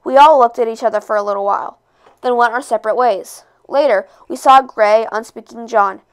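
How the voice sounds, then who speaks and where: Woman read-aloud narrator, expressive, high-ish and smooth. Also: a little fast. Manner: expressive, with occasional slips and rereads. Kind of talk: reading a novel aloud.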